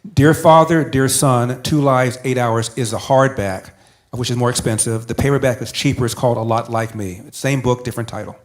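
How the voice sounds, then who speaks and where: A man's voice: mid-range voice, normal speed. Older man telling a story with emphatic repetition. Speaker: guest. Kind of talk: storytelling in a talk show interview.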